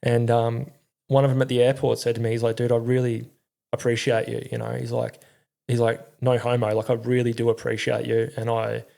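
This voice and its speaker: A man's voice: mid-range voice, monotone, a little fast, creaky, warm tone. A middle-aged Australian man telling his story in a candid, rambling way, swearing often and using slang. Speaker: podcast guest, former army crew commander.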